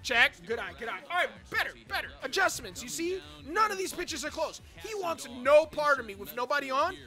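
A young man giving excitable commentary over his own baseball video game, chatting to viewers and shouting and groaning at each play. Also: extremely high pitch, a little fast, music in the background. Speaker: gaming channel host. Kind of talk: live gameplay commentary.

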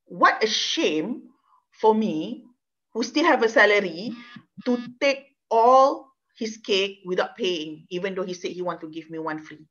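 A woman's voice: medium pitch, expressive, unhurried, a bit bright. Earnest Malaysian woman lecturing on law. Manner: earnest, emotional, repeats words, non-native phrasing. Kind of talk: university lecture with personal story. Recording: dull lo-fi sound.

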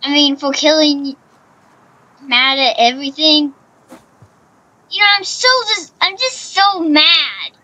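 A gaming channel host gives casual commentary over a video game, rambling, repeating herself, and talking to the on-screen character. Her high, sharp-toned voice is slow with long pauses, and the recording is rough.

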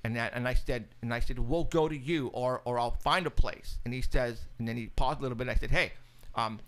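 A radio show host telling an excited, casual story, acting out both sides of a phone call. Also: male voice, medium pitch, fairly quick. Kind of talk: casual chat. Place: studio, live stream.

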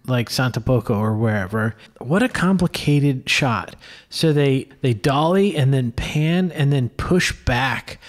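Laughing man co-hosting a film podcast. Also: a little high. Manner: laughs readily, thinks aloud with small restarts. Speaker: film podcast co-host and filmmaker. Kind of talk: casual film discussion chat.

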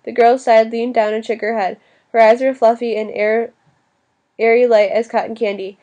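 A woman narrating an audiobook in an even reading voice, now and then restarting a word. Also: fairly high pitch, normal speed, muffled recording. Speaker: audiobook reader.

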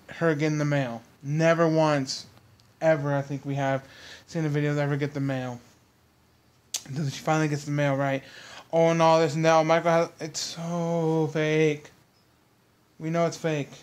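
A young man ranting in a vlog commentary, exasperated and mocking, repeating his points. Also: on the high side. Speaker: commentary vlogger.

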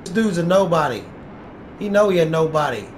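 A man with a high, raised voice trash-talks a rival player over his game commentary, taunting and boastful. He swears constantly and hammers the same jabs over and over. A faint hiss of noise sits under the recording. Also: lively intonation, brisk. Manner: taunting, boastful, profane, repeats lines for effect. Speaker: gaming YouTuber.

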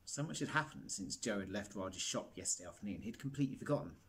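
A man reading a children's novel aloud with animated storytelling. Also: lowish voice, fast talker, hardly any pauses, breathy edge. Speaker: reader.

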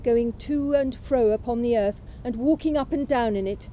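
A woman with a fairly high, mellow voice reads aloud from a lecture. Her delivery is measured and unhurried, literary in tone, and she gives each line room without any showiness. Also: a little hiss or hum, poor audio. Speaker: speaker at a memorial event. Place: college chapel.

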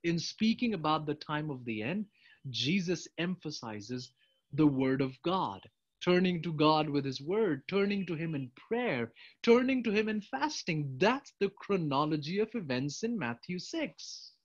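A man preaching a sermon, emphatic, swinging between loud urgent appeals and quiet asides. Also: on the high side, expressive, a little slow. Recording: dull, lo-fi sound.

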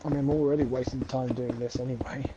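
A man's voice: medium pitch, steady tone, fast talker, mellow. A man streaming a block-building game, chatting in a laid-back, joking way with a friend. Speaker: gaming streamer. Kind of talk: casual let's-play chat. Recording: muffled, lo-fi stream audio with clear background noise.

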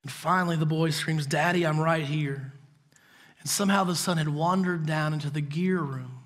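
A man preaching a sermon as pastor, telling a story earnestly and often dropping to soft, intense tones. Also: fairly high pitch, fairly even intonation, normal speed. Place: church.

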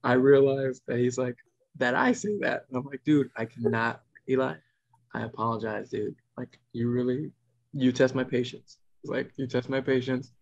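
On a podcast with dull lo-fi audio, a man in his thirties with a gravelly, medium-pitched voice chats casually at a moderate pace. His intonation stays fairly even as he wanders through a family story, starting over at times and imitating his children.

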